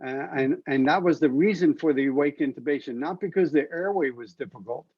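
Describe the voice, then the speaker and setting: A man's voice: a little high, a little fast, husky, no echo, highs cut off. A man who is an airway expert, explaining his approach on a medical panel in an earnest way with hesitant uhs.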